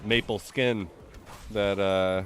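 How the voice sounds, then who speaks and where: A man's voice: fairly low pitch, steady tone, slow, a little hiss or hum. A man hosting a game stream, chatting casually and joking, with lots of "like" in his speech. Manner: rambling, joking, heavy use of "like". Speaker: gaming stream host.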